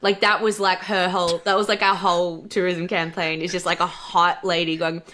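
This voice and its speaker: A woman's voice: on the low side, flat delivery, normal speed, bright, forceful tone. An Australian woman, a podcast guest, chatting casually and animatedly, with many likes and restarts and frequent laughter. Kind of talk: casual chat.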